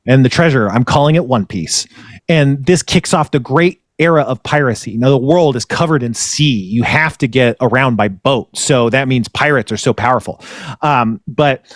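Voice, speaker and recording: A man's voice: medium pitch, moderate pace, no room sound, clean studio sound. A man hosting a podcast, retelling a story in a rambling way and correcting himself often. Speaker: podcast host. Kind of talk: casual chat.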